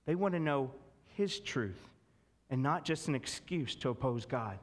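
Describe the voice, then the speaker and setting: A man's voice: medium pitch, animated, a little slow. Preaching man in a reverberant hall. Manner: reads scripture aloud, then preaches with rising emphasis. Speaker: pastor. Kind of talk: sermon.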